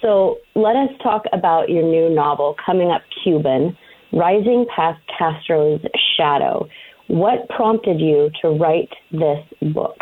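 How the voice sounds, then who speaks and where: A woman interviewer gushes warmly and emotionally at her guest. Her voice comes through a thin, tinny phone line. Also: low-pitched, slow pace. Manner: gushing, emotional, effusive. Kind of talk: interview conversation.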